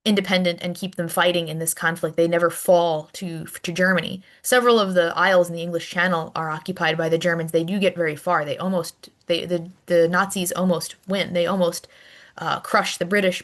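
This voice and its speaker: A woman's voice: lowish voice, a bit bright. A woman teaching a recorded history lecture in a conversational way, often restarting and repeating words as she goes.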